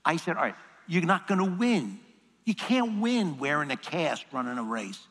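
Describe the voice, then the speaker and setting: Male workshop speaker, wry self-mocking storyteller, slightly high voice, reverberant hall. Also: very animated, moderate pace, fairly bright tone. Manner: self-deprecating humor, acts out dialogue. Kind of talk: storytelling talk.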